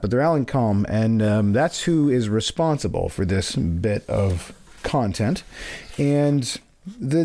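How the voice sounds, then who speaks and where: Lively, rambling male podcast host. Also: medium pitch. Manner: playful, rambling, self-mocking asides. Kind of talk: casual podcast chat.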